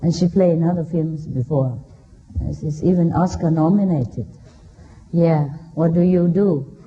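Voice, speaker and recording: A woman's voice: low-pitched, measured pace, slightly rough. A woman speaking to a live audience, playful and laughing often, in a non-native English with a Vietnamese first language. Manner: playful, laughing, chatting with the crowd. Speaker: spiritual speaker. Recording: dull lo-fi live recording.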